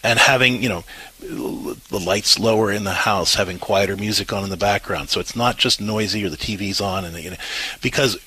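Husky, explanatory male advice host. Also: on the low side, brisk, pushed and bright, low-quality recording. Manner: earnest, explanatory, repeats words as he thinks. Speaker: parenting show co-host. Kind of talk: advice talk show.

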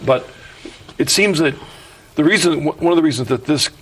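A man's voice: a little high, moderate pace, husky, low-quality recording. A man hosting a discussion, stumbling and restarting as he frames his questions. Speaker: host. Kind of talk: discussion moderator.

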